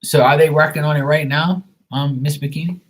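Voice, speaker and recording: A man's voice: on the high side, fairly even intonation, fairly quick. A man hosting a live stream, chatting in a rambling, laid-back way and swearing often. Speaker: livestream host. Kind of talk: casual chat.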